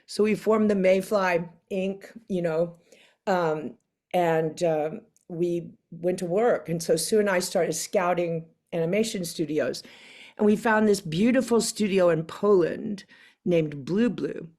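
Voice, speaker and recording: An older woman, guesting in an interview, tells a story in casual chat, animated and acting out the voices she quotes while laughing often. Her voice is on the low side, and she takes it slowly.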